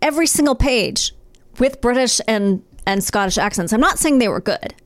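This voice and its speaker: A woman's voice: fairly high pitch, normal speed, no echo. A middle-aged woman co-hosting a podcast, chatting casually and laughing often as she tells stories. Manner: giggly, animated storyteller. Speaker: podcast co-host. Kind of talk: casual chat.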